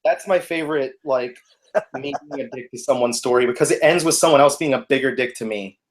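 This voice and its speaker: A young man telling a story in casual chat, animated and laughing, acting out the people in it. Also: medium pitch, fairly quick. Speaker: podcast guest telling a story.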